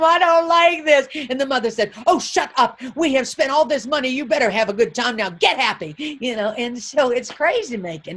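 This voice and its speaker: A middle-aged woman delivers a comedic motivational keynote with a husky, slightly raised voice. She tells stories exuberantly and drives each point home through punchy repetition. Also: fairly high pitch.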